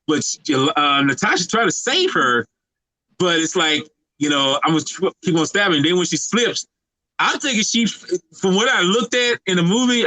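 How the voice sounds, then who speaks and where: A man on a podcast giving a casual, halting movie recap full of fillers and restarts. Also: on the high side, sharp tone, no room sound, rough recording. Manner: rambling, halting with many fillers. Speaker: podcast co-host.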